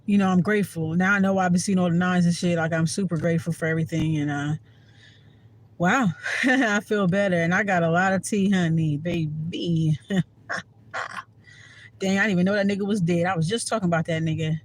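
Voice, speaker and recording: A man's voice: high voice, moderate pace, long pauses, low-quality recording. A man from the Washington DC area talking to camera as a spiritual vlogger, candid and rambling, swearing freely and using lots of fillers. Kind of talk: casual monologue to camera.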